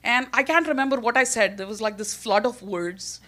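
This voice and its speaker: A woman from India with an Indian accent, telling a funny personal story on stage, animated and laughing often mid-sentence. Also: on the high side, moderate pace.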